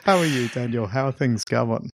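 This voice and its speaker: Gravelly man trading dry jokes. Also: medium pitch, normal speed, slight background noise. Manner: dry, teasing banter. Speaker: podcast co-host. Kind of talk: casual chat.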